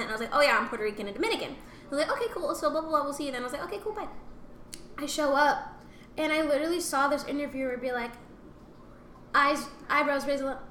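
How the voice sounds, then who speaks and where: A young woman with a high, bright voice chats casually on a podcast, acting out the people in her stories and slipping into whispered asides. The room around her is echoey, with a faint hiss of ambient noise. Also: fast talker. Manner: animated storytelling, acts out voices, drops to whispers. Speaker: podcast co-host. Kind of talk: casual chat.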